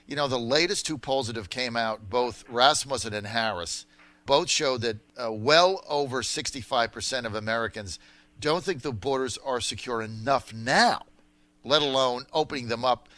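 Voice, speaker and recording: Punchy male talk radio host, bright tone. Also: mid-range voice, normal speed, dry recording. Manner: emphatic, punchy promotional delivery.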